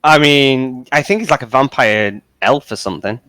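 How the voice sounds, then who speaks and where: A man's voice: medium pitch, normal speed, a bit bright, dry recording, soft background music. A man playing in an online tabletop game, chatting and joking with the table. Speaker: player. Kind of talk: casual game table chat.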